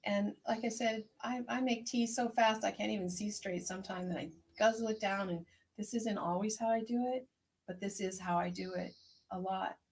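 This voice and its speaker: A woman herbalist hosting an online tea circle, speaking in a gentle, unhurried, prayerful way as she reflects and reads out messages. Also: mid-range voice, fairly even intonation. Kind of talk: reflective spoken meditation and chat reading.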